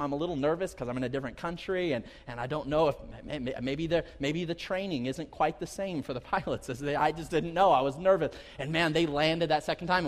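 Animated pastor preaching in a reverberant sanctuary. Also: male voice, on the high side, fast, few pauses. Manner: animated storyteller, addresses the congregation directly, repeats words. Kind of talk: sermon with personal travel stories. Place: church sanctuary. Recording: long hall reverb.

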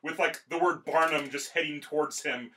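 Guy chatting about an anime episode, bright forceful voice, rambles a lot. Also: a little high, moderate pace, slight background noise. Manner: rambling, animated storytelling with many fillers. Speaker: podcast co-host. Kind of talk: casual chat recapping an anime.

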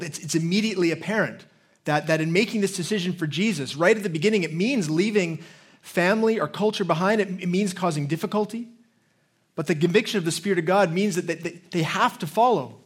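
A middle-aged male pastor preaching with earnest conviction, his voice sitting a little high for a man. He repeats and restarts words as he presses his point. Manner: earnest preaching with frequent restarts, dropping to a quiet storytelling voice. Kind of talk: sermon.

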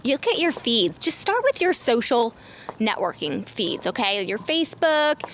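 A woman coaching her viewers in a motivational vlog, talking casually and emphatically and cursing freely when excited, while walking outdoors through her neighborhood. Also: a little high, a little slow, a little hiss or hum. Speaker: business coach.

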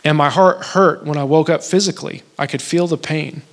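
Impassioned married man preaching a sermon. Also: fairly quick. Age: adult, married. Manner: emotional, builds to pleading high-pitched emphasis; conversational storytelling with restarts. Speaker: pastor.

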